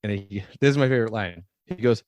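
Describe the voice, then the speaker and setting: A lower-voiced man chats through a movie plot, rambling and laughing often. He acts out bits of dialogue along the way. His voice sits close to the mic in a dry, dead room. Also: fast, no echo. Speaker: podcast co-host. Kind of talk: casual movie review chat.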